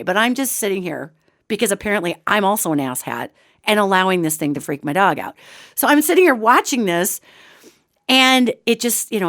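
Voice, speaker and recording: A woman host telling an animated story in a casual, expressive way, acting out quotes. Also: medium pitch, gravelly, no room sound, clean studio sound. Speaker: radio show host.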